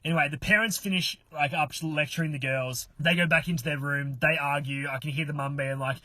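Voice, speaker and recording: An Australian man telling a story in casual podcast chat, animated, swearing and acting out the voices in it. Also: on the high side, brisk, few pauses, no echo. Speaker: podcast guest.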